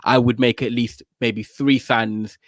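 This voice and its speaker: A young man on a football podcast, talking in a measured, questioning way. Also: medium pitch, flat delivery, no room sound, clean studio sound. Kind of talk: casual football banter.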